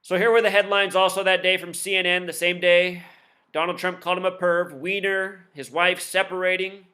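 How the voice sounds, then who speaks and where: A man explaining his theories in a solo video, rattling off numbers quickly and insistently, with scornful asides. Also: sits high, flat delivery, bright, forceful tone. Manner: rapid-fire, insistent, admits talking too fast; lists numbers and codes in rapid bursts. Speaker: video commentator.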